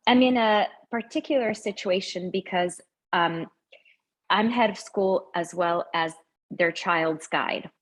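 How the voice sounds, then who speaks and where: A woman's voice: lowish voice, takes it slowly, poor audio. A woman who runs a school hesitantly describes a difficult parent situation on a video call, with frequent restarts and concern. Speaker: head of school asking a question. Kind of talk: describing a problem to a consultant.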